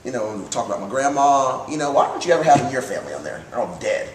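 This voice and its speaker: A man's voice: medium pitch, big pitch swings, fast talker. A man co-hosting a casual comedy chat show, brash and profane, rambling through stories. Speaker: co-host. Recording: roomy, distant mic, light hiss.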